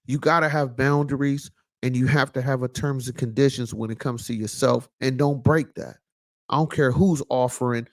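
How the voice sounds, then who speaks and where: A vlog host gives a casual, preachy commentary monologue in a steady mid-range voice at normal speed. His loose speech is packed with fillers, and he repeats lines for emphasis.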